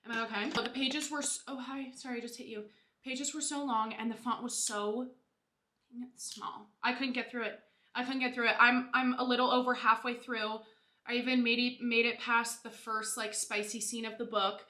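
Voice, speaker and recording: A bubbly young woman talks to her viewers while doing her makeup. Her voice is bright and a little high. The sound has an echoey room around it. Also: level tone, a little fast. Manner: bubbly, gushing, lots of "like" and "you guys". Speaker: beauty vlogger.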